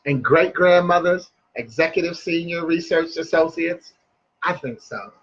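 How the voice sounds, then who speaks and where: A man's voice: fairly high pitch, a little slow, husky, lo-fi sound. A man hosting a broadcast, reading a story aloud with chatty asides and stumbling restarts. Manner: chatty, loses his place and restarts.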